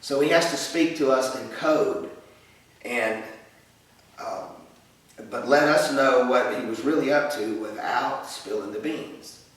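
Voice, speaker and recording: A man's voice: mid-range voice, slow pace. Man teaching, echoey and distant. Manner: vivid, storytelling delivery with fillers and acted quotes. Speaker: Bible teacher. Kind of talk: Bible lesson storytelling.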